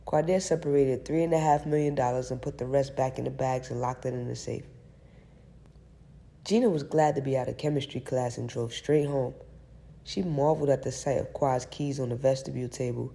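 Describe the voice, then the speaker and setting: Gravelly, mellow audiobook narrator. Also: female voice, extremely low pitch, brisk. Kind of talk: scripted narration.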